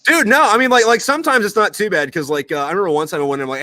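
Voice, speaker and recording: A young man hosts a casual podcast, spinning crude, swear-laden stories padded with "like" and "you know." His voice sits a bit high and bright, pushed forward with force. It is recorded close and dry, with no room sound. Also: racing, no room sound. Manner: profane, storytelling, lots of fillers. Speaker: podcast host.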